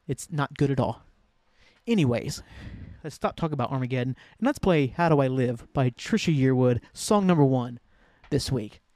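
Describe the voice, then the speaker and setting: A man's voice: mid-range voice, expressive, moderate pace, darkish tone, no echo. A man hosting a solo podcast in casual chat, rambling with enthusiasm and correcting himself as he goes. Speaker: podcast host.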